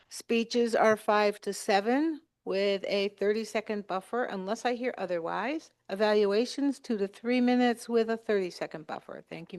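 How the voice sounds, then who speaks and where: A woman's voice: medium pitch, no echo, clean studio sound. Woman explaining timing rules. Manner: chatty then matter-of-fact. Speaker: meeting timer. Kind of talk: meeting role report.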